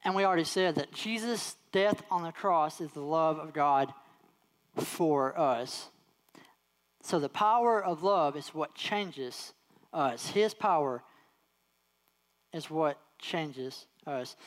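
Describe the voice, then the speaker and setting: A preacher delivers a sermon to a congregation. The delivery leans on repetition, says key phrases again and again, and slows right down on the words meant to land. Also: medium pitch, lively intonation. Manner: repeats key phrases for emphasis and acts out quoted voices.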